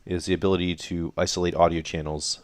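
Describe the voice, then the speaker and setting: A man's voice: deep voice, level tone, fast. A man calling darts play-by-play as host of a home-broadcast league, in a playful, theatrical way with teasing jokes about the players. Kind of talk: play-by-play sports commentary. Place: home laundry room. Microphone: computer broadcast setup.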